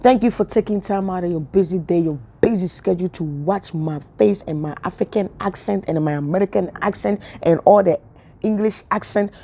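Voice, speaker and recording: A woman's voice: on the low side, fairly quick, warm tone. A woman giving a casual spiritual message to camera, playful at times and full of repeated rhetorical questions. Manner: playful, joking asides. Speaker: online preacher.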